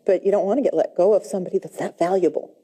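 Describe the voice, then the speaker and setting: A woman leading a tapping session in a calm, gently directive way. Her voice is very dark and mellow, at a middling pitch. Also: racing, breathy edge. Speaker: tapping practitioner.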